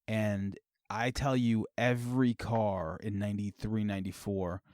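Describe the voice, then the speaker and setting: Low-voiced man hosting a podcast. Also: fairly even intonation, darkish tone, no room sound, studio quality. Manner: halting, restarting questions. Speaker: podcast host. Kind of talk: casual chat.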